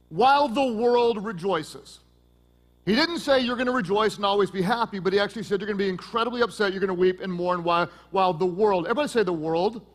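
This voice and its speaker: Joking pastor with a high voice. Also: male voice. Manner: joking, lively preaching with sudden loud peaks. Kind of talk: sermon.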